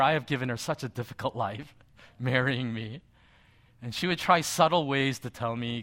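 A middle-aged male pastor preaching a sermon, telling a personal story in a conversational way with soft asides. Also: mid-range voice.

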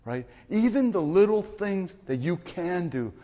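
Male pastor with a high-ish voice, animated storyteller, recorded with a long hall echo. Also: unhurried. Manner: animated, jumps between loud excitement and quiet asides. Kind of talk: storytelling sermon at a youth retreat. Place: retreat meeting hall. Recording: long reverb of a large hall.

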